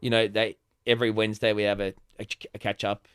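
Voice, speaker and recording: A man's voice: fairly low pitch, little pitch movement, quick pace, fairly bright tone, clean tone, no room sound, studio quality. A chatty Australian man in his forties, a podcast guest who talks casually, laughs often and restarts his sentences. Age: 40s. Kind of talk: casual conversation.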